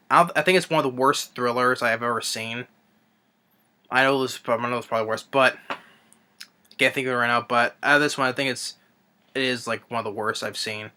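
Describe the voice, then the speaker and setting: A young man ranting through a movie review, exasperated and halting, with many restarts and trailing sighs. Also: medium pitch, pushed and bright.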